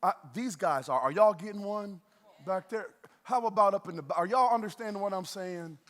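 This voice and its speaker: Speaking briskly, a fairly high-voiced pastor keeps his sermon lively and conversational, joking playfully with the crowd between points. A long reverb fills the large church auditorium around him.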